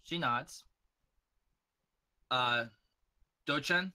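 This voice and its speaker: A man's voice: medium pitch, extremely slow, pushed and bright. A man narrating as game master in a tabletop game, with a loose style full of fillers.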